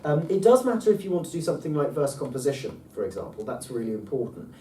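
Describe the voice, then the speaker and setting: A patient man explaining pronunciation step by step, often pausing with um and starting his sentences over. He sits some way back from the microphone in a roomy space, with a faint hiss under his voice. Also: mid-range voice, very animated, mellow. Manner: patient, hesitant, many ums and restarts. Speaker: Ancient Greek tutor. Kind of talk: relaxed one-to-one teaching. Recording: roomy, far from mic, faint noise.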